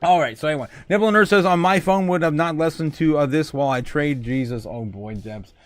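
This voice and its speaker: Male streamer, higher-pitched, rambling jokey chat with lots of laughs. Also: fairly quick, no echo, soft background music. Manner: jokey and rambling, laughs often, many fillers; swings from muttering low to loud excited calls. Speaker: livestream host. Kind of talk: casual livestream chat, reading chat messages.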